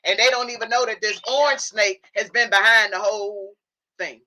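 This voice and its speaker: A woman's voice: medium pitch, steady tone, normal speed, pushed and bright. A woman hosting a livestream, giving an impassioned monologue built on a long analogy and often asking listeners whether they follow her. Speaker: livestream host.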